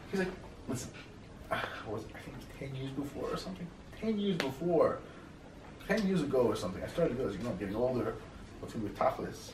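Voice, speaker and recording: Fast-talking man telling stories in an echoey room. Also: mid-range voice, noisy background. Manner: animated, acts out quoted voices in his stories. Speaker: rabbi teaching a class. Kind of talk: casual storytelling lecture. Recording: echoey room, mic at a distance, faint ambience.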